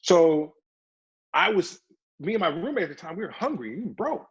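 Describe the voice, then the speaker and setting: Actor guest, male, husky tone, animated storyteller, dull lo-fi interview audio. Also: sits high, moderate pace. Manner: animated storyteller, slips into put-on voices. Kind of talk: casual interview chat. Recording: dull lo-fi recording.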